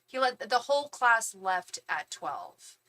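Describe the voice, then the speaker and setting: Bright-voiced woman venting in casual chat. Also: a little high, takes it slowly. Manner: animated, venting, quotes people, swears. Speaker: tarot reader hosting a live stream.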